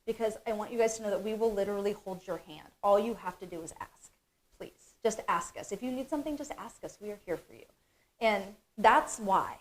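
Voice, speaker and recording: A middle-aged woman hosting a live stream for her company, talking in an emotional, effusive way with bursts of excitement. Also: medium pitch, fairly quick, a little hiss or hum.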